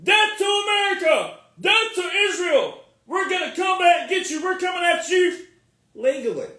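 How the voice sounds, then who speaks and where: A man voicing a boastful, threatening male regime mouthpiece in a shouted, sneering parody. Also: very high-pitched, very animated, moderate pace, voice pushed up, heavily acted. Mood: mocking, shouting. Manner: mocking, shouted, sing-song sneer. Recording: echoey room, voice far from mic.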